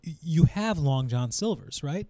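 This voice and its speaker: A chatty man co-hosting a podcast, with a voice a little higher than most men's. He laughs easily and stumbles over restarts. The sound is close and dry. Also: lively intonation, a little slow, dark tone, dry recording. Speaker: podcast co-host. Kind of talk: casual podcast chat.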